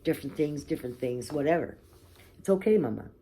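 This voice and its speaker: A woman's voice: deep voice, animated, a little fast, very noisy. A woman vlogger telling a personal story to camera, candid and blunt, swearing freely and checking in with "okay?" and "right?".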